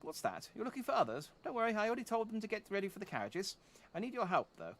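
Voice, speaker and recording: A man's voice: high voice, sing-song, quick pace, fairly bright tone, pitched above the performer's own voice, heavily acted. A man doing an eager, chatty young boy.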